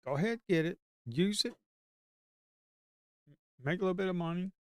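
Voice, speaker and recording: A man with a smooth, fairly high voice gives loose live-trading commentary from a home desk. He coaxes the chart aloud and mutters curses at it. The recording is dry and close. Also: expressive, moderate pace, dry recording. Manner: talks to the screen, coaxing the market aloud; mutters and curses under his breath. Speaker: livestream day trader.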